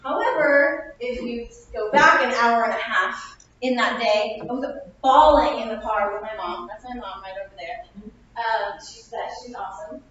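Young woman opening speaker, high and bright-spirited talk, self-mocking; distant, boomy lo-fi room capture. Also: normal speed. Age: 20s. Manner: upbeat, chatty, self-mocking. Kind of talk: motivational speech. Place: classroom. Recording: echoey lo-fi room recording from far off.

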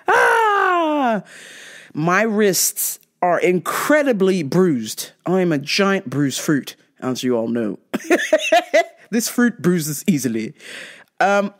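A woman vlogger telling stories in a casual way, swearing, laughing often and acting out the people in them. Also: lowish voice. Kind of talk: casual storytelling.

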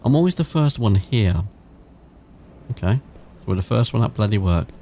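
Gravelly British man playing a game. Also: on the low side, expressive, moderate pace, dark tone, slight background noise. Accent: British English. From England. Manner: chatty, swears casually, reads game text aloud. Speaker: gaming YouTuber. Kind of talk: casual let's-play commentary.

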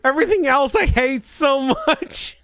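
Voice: high-pitched, unhurried, a bit bright, dry recording, studio quality. A live-streamer chatting casually, grumbling in exasperation, cursing, and laughing often. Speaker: livestreamer.

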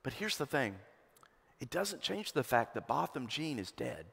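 A man preaching a sermon as pastor, rising to loud emphatic peaks and dropping to hushed lows. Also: sing-song, moderate pace, creaky, breathy edge. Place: church sanctuary. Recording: long hall reverb.

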